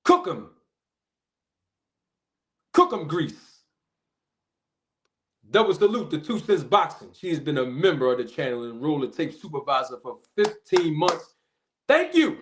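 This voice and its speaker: Animated high-voiced man hosting a stream. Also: a little slow, pauses often. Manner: animated, incredulous, shouting out chat members. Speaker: boxing commentary channel host. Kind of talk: casual live-stream commentary.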